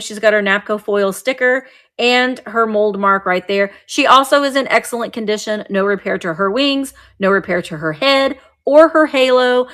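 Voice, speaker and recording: A woman with a fairly high, slightly bright voice hosts a live stream selling vintage pieces, chattily describing each thing in her hands.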